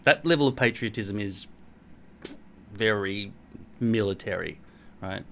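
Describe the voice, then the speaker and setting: A man's voice: lowish voice, measured pace, gravelly, a bit bright, slight background noise. A middle-aged Australian man vlogging at home in a rambling, blunt, self-mocking way, swearing freely. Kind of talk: casual rambling monologue to camera.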